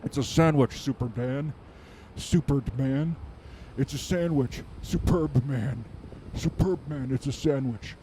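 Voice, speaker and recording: A man's voice: mid-range voice, slow, mellow, slight background noise, natural voice. A man playing a rambling, goofy superhero. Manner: rambling, muses aloud, makes sound effects. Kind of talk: improvised comedic monologue.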